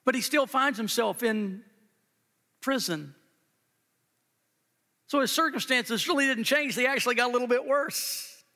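This male pastor's voice is extremely high and sharp; he preaches at a measured pace and pauses often. Recorded live in a church sanctuary with long hall reverb, his sermon is earnest and emphatic, with phrases repeated for weight.

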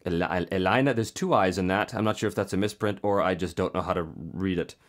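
A man's voice: low-pitched, quick pace. A man hosting a casual podcast interview, joking and laughing often as he reads listener mail. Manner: jokey, laughs often, animated when reading letters aloud. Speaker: podcast host.

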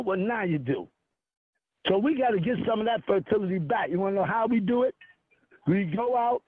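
A high-pitched, husky man preaches to his listeners in a combative, profane style and keeps firing rhetorical questions at them. The sound is thin and tinny, like a phone line on a radio broadcast. It is dry, with no room echo around the voice. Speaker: self-styled spiritual leader. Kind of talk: preaching monologue to an audience.

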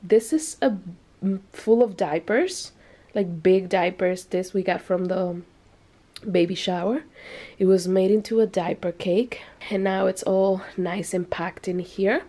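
A young woman chats her way through a casual home vlog, showing off a baby's nursery. She thinks aloud with fillers and soft laughs. Her pitch sits in an ordinary middle range. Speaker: vlogger.

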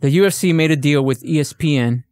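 This podcast co-host's voice is slightly high, a little mellow, and clean in tone, and he speaks quickly. Chatting casually, he tells a story in a swearing rant, raising his voice to act out the back-and-forth.

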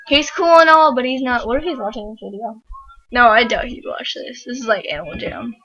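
A woman's voice: fairly high pitch, fairly quick, pushed and bright, slightly rough. A teenage girl hosting a gaming channel, chatting casually and giggling while she plays. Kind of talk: casual gameplay chat. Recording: muffled lo-fi home mic with hiss.

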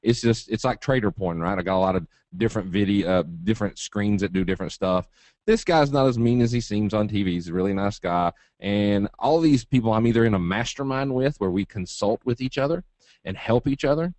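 A man's voice: lowish voice, fairly quick, a little mellow, dry recording. A man from Eastern Kentucky with a Southern drawl, presenting a live trading webinar in a folksy, joking, straight-talking way.

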